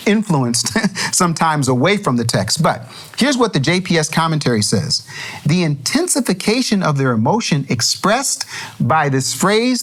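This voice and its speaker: Male Bible study host with a lively, up-and-down delivery; chuckling, conversational teacher. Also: a little high. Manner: animated, chuckling, restarts mid-thought.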